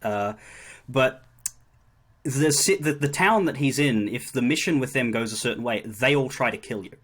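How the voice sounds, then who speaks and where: A man's voice: mid-range voice, expressive, normal speed, a bit bright. A man hosting a live stream interview, asking questions in a chatty, enthusiastic way. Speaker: host, streamer.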